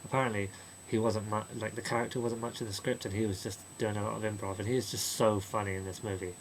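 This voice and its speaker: A man giving a casual spoken film review, rambling and chatty, slipping into quick mocking impressions of characters. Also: fairly low pitch, level tone, slight background noise, low-quality recording. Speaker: movie reviewer.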